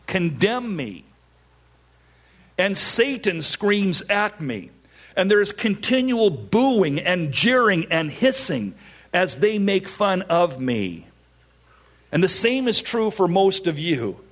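A middle-aged man preaches from the pulpit, leaning on repeated phrases to build his point. His voice sits high and swings widely in pitch, and he lets the words come out slowly. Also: very animated, fairly bright tone. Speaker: pastor. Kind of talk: sermon.

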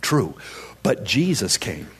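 A man's voice: fairly low pitch, big pitch swings, slow, husky. A middle-aged male pastor preaching a sermon, emphatic and repeating his phrases for weight.

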